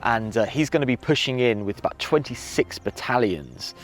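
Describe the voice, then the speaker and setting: Lively man explaining a battlefield outdoors. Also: medium pitch, normal speed. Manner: lively, vivid, conversational. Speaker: historian guide. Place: outdoors on a rocky hillside.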